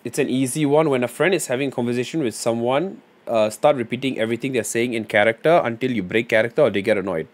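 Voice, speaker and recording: A man in casual livestream chat, his voice sitting at an ordinary middle pitch. He thinks out loud, trails off into mumbles while reading viewer ideas, and drops slang and fillers freely. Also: fast, few pauses. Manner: loose and slangy, with frequent fillers. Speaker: live streamer.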